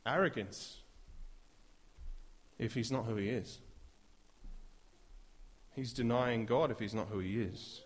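A man's voice: mid-range voice, takes it slowly, pauses often. Emphatic male preacher. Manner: emphatic, rising to loud declarations, with rhetorical questions. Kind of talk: sermon.

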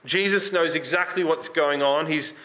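A man's voice: a little high, normal speed, pushed and bright. A man preaching a sermon in a conversational way, reading scripture and putting questions to his listeners. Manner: reads scripture aloud with rising emphasis.

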